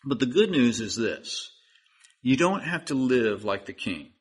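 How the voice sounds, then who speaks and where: A man's voice: medium pitch, very animated, measured pace, breathy edge. A man preaching a sermon as pastor, earnest and pleading, speaking directly to his listeners.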